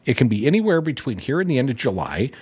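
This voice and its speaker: A man hosting a call-in talk radio show, joking and bantering in a lively way. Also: mid-range voice, fast, slightly rough, no room sound. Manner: lively, joking, animated delivery.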